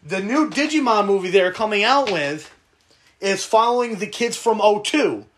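A man's voice: sits high, animated, moderate pace, fairly bright tone, a little hiss or hum. A young man hosting a casual podcast, rambling through entertainment news. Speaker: podcast host.

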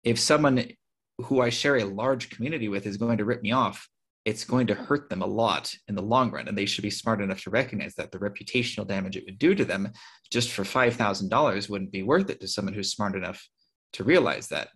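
A man's voice: on the low side, brisk, a bit bright, breathy edge. An American man, a podcast guest, telling a story frankly and animatedly, acting out what other people said. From United States. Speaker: podcast guest, author and publisher. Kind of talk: casual interview talk.

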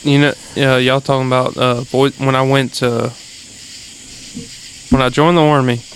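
A man's voice: medium pitch, moderate pace, slight background noise, rough recording. Man with a thick Louisiana accent. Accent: Louisiana Southern. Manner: storytelling, animated, swears. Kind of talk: casual chat, storytelling.

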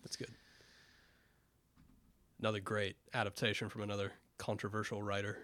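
A man's voice: lowish voice, monotone, normal speed, fairly bright tone, no room sound. A man co-hosting a casual film podcast, talking bluntly and enthusiastically and swearing freely. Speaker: podcast co-host.

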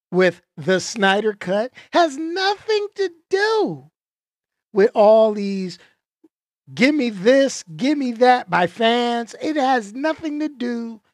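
Slow, animated male podcast host. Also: high-pitched, dry recording, clean studio sound. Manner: animated, stammering restarts, slangy asides. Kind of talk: casual solo podcast rant.

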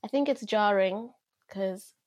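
A woman's voice: mid-range voice, measured pace, a little mellow. A woman chatting casually as a podcast guest. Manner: explains at length in a casual way.

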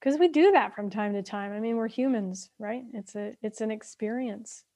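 A woman's voice: a little high, warm tone. A woman coach co-hosting a casual podcast chat, thoughtful and affirming, recorded on a close mic. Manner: thoughtful, affirming, quick to agree.

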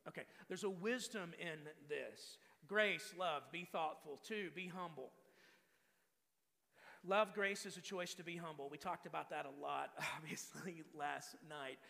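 A man's voice: fairly high pitch, measured pace, creaky, pushed and bright. A man in his forties preaching a sermon as pastor, emphatic and full of rhetorical questions to the congregation. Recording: long reverb of a large hall.

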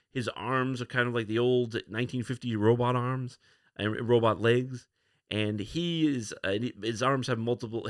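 A man's voice: medium pitch, dry recording. Dry-voiced male comic podcast host. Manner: conversational, rambling retelling. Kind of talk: comic book review, story recap.

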